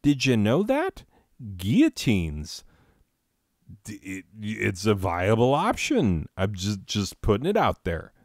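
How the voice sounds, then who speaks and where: Male comedy host, low voice, sarcastic deadpan review, dry close sound. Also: a little slow, hardly any pauses, no room sound. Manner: sarcastic, mock-serious asides. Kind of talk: comedic year-in-review monologue.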